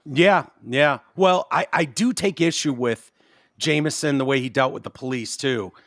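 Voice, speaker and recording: A man hosting a podcast in casual chat, animated and quick to slip into mocking impressions. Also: mid-range voice, no echo, clean studio sound. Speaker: podcast host.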